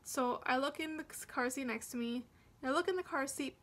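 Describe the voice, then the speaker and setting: A young woman with a high voice, narrating a storytime for her vlog. She talks in a chatty, rambling way and often restarts her sentences. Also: fairly quick, fairly bright tone. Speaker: vlogger.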